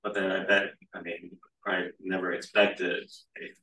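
A man's voice: sits low, flat delivery, moderate pace, pushed and bright. A man taking part in a Bible study group, talking in a hesitant, rambling way. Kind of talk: casual group discussion. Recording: echoey room, mic far off.

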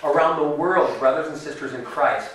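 A man preaching a sermon in a conversational, animated way, acting out the voices of people he quotes. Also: a little high, normal speed, heavy reverb, far from the mic, low-quality recording. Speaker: pastor.

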